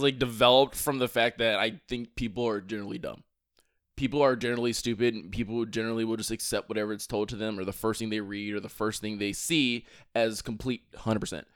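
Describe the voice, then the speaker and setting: A man's voice: lowish voice, fairly bright tone, clear, resonant tone, no echo, clean studio sound. A young man co-hosting a podcast, ranting in casual chat, restarting his sentences a lot and swearing often. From Virginia. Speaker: podcast co-host.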